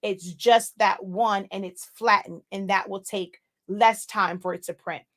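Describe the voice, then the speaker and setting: Woman host, mid-pitch, chatty livestream teacher, loose and unscripted. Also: fairly even intonation, measured pace, a bit bright. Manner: chatty, loose, many fillers and asides to viewers. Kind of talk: casual live Q&A tutorial.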